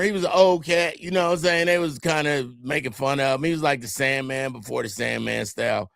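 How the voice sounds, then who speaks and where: A man's voice: mid-range voice, normal speed, gravelly, no room sound. A man from California telling a family story on a podcast, acting out the people he quotes. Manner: animated storyteller, acts out quotes. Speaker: podcast co-host. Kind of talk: casual storytelling chat.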